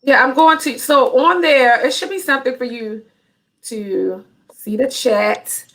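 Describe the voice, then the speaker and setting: Bright-voiced chatty woman hosting. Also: high-pitched, unhurried. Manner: chatty, laughs often, informal. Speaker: host of author reading show. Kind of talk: casual live-stream chat.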